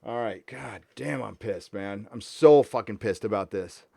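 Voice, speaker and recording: A man hosting a casual live stream, ranting with lots of swearing and reading out viewer messages in a warm room. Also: fairly low pitch, a little slow, creaky, no room sound, studio quality.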